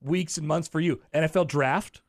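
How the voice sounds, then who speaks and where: A man hosting a casual sports radio chat in a studio, talking in an animated, jokey way. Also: a little high, moderate pace, no room sound. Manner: animated, jokey, laughs easily. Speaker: radio show host.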